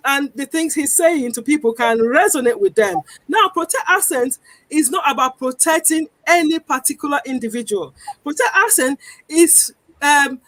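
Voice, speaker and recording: High-voiced woman guest, earnest and emphatic. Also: fairly bright tone, no echo. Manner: earnest, repeats key points for emphasis. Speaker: guest campaigner. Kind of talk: live TV discussion, explaining.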